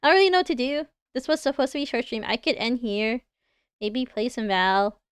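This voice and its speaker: A woman's voice: fairly high pitch, a little fast, clear, resonant tone, dry recording, studio quality. A young woman with a Canadian accent, chatting casually and giggling as she reacts to viewers on a livestream. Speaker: livestreamer reviewing design work.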